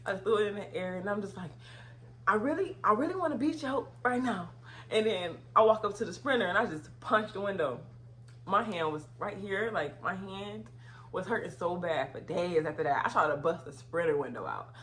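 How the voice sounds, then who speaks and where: Animated woman telling a storytime. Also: medium pitch, moderate pace, slight background noise. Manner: animated, swings into loud outraged retellings. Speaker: vlogger. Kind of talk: casual storytime.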